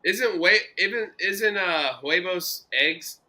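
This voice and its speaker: A man's voice: high voice, takes it slowly, bright, forceful tone. A tired man in a casual live chat, hesitant and restarting often, saying he is not fully recovered.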